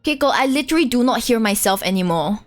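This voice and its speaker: A young woman streaming a game, chatting casually in an animated, giggly way. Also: a little high, fast, soft background music. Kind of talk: casual let's-play chat.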